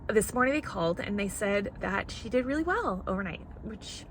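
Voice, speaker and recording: A woman's voice: mid-range voice, expressive, a little fast, slight background noise. A woman vlogger in casual chat, rambling and candid while fighting back tears.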